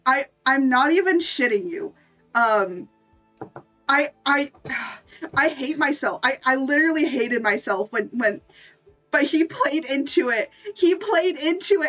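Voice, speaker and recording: A woman's voice: high-pitched, animated, measured pace, a bit bright. A woman streamer in casual chat, rambling and stammering through restarts, laughing often. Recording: distant mic, dull lo-fi sound, faint music behind.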